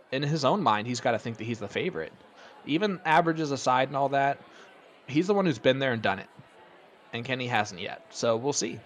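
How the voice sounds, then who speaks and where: A man doing casual play-by-play darts commentary, chatty and rambling, getting excited on big throws. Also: mid-range voice, slight background noise.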